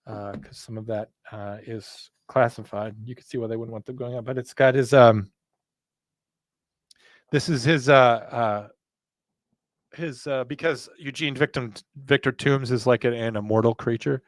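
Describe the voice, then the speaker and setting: Gravelly-voiced man rambling casually. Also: mid-range voice, a little slow, pauses often, no echo. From northern United States. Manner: rambling, self-deprecating, laughs at himself. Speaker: podcast host. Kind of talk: casual chat.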